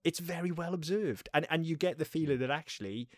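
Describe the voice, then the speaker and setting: A man's voice: a little high, brisk, no room sound, clean studio sound. A man co-hosting a podcast, talking in a casual, enthusiastic way and swearing now and then. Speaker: podcast co-host. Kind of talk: casual chat.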